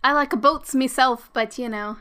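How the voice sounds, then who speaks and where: A woman's voice: high-pitched, normal speed, fairly bright tone, clear, resonant tone. A woman playing in a tabletop role-play game, teasing the others in a playful way. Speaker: player.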